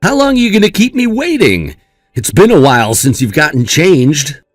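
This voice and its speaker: A man's voice: fairly high pitch, very animated, normal speed, no echo, studio quality, soft background music. A man playing a careless young groom who brushes off his bride with taunting, dismissive remarks. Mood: impatient.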